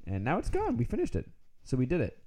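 Man, quick delivery, dry teasing jokes in a casual chat. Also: medium pitch, huge pitch swings, warm tone.

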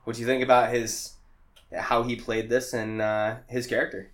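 A man's voice: mid-range voice, level tone, normal speed. A man co-hosting a podcast, chatting casually about a movie with lots of fillers, tangents and laughter. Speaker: podcast co-host. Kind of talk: casual movie-review chat.

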